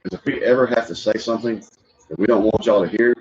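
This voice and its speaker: A man hosting a reaction stream, chatting casually and telling animated stories with frequent laughter. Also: on the low side, quick pace, slightly rough. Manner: animated storyteller who laughs often and slips into impressions. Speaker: stream host reacting to videos. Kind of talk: casual chat. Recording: muffled lo-fi audio.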